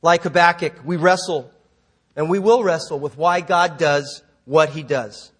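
A man's voice: fairly high pitch, measured pace, slightly rough. A middle-aged male pastor preaching a sermon, moving from conversational asides into storytelling. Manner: conversational, self-deprecating asides, then vivid story narration.

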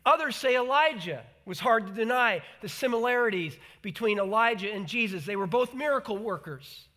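A man preaching a sermon in an animated way, acting out the voices he quotes and repeating words for emphasis. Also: high-pitched, brisk. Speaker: pastor.

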